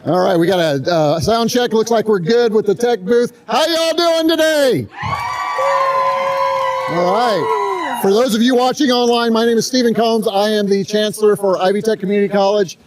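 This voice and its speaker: A man co-hosting a live event with jokey, excitable banter, out of breath. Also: sits high, fairly quick, hardly any pauses, music in the background, a crowd in the background, low-quality recording. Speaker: livestream co-host. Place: indoor event space with crowd.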